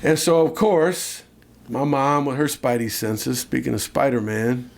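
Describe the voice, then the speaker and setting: A man co-hosting a casual podcast, telling a childhood story with animated asides. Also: medium pitch, unhurried, creaky. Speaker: podcast co-host.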